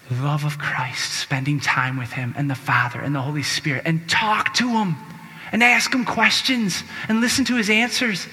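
High, bright-voiced exuberant male preacher. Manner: exuberant, exclamatory, leads crowd chants. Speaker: Catholic preacher. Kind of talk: sermon with call-and-response. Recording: long reverb of a large hall.

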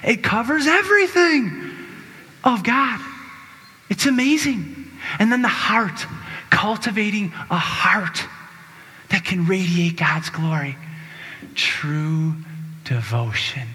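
High, bright-voiced exuberant male preacher. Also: animated, slow, long pauses. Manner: exuberant, exclamatory, leads crowd chants. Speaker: Catholic preacher. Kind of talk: sermon with call-and-response. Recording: long reverb of a large hall.

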